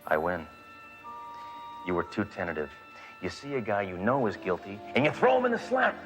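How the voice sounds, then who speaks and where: An actor playing a brash, self-assured male police detective with a deadpan, macho delivery. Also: on the low side, brisk, over music. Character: brash trigger-happy male cop, adult. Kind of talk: sitcom acting.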